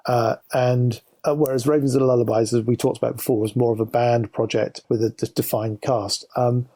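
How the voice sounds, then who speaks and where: An English man telling stories as a musician guest in a casual interview, chatty and animated when he quotes others. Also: mid-range voice, normal speed.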